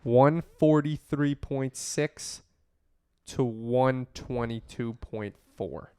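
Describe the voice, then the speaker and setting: A man's voice: mid-range voice, drawn-out words, mellow, smooth, no echo, clean studio sound. A man hosting a casual fantasy football podcast, loose and joking, swearing freely. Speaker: podcast host.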